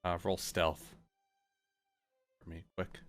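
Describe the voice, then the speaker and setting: Deep-voiced man narrating a tabletop game. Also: little pitch movement, takes it slowly, clean tone, faint music behind. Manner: rambling, many fillers and restarts. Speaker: game master.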